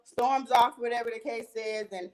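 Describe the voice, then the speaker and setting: A woman's voice: a little high, steady tone, moderate pace, darkish tone, poor audio. A young woman animatedly telling a profane story about a fight, acting out the arguments with emphatic, heated delivery. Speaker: reality TV cast member telling a story.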